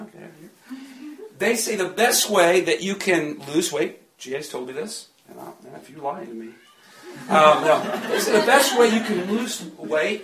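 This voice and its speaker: Laughing high-voiced man preaching. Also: fairly bright tone. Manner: chatty, laughing, jokes with the congregation. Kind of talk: sermon. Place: church. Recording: echoey church from a distant mic.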